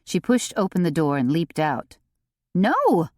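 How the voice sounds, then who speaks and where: Low-voiced woman reading an audiobook, slow, lots of pitch movement, dry close sound. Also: animated, a little mellow, no room sound. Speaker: audiobook narrator. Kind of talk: scripted narration.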